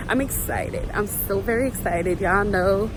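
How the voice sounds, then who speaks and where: A woman's voice: medium pitch, slow. A young woman vlogging on her phone at an airport and in a hotel room, chatty and playful, talking to "guys" and "y'all". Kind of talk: casual vlog to camera. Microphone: phone camera. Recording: noisy phone recording.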